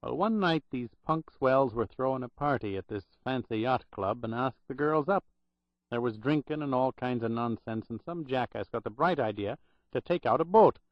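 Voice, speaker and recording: A man voicing a talkative, wry elderly Irish hospital clerk with a loud brogue, on a dull, dry recording. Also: mid-range voice, lively intonation, moderate pace, no room sound, natural voice. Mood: sardonic. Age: older. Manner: loud brogue, sardonic storytelling.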